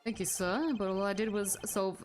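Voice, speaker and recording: A composed male prosecutor speaks politely and formally as a woman plays him. His voice is an everyday mid-pitched woman's voice. Faint music sits under the speech. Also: steady tone, normal speed, natural voice.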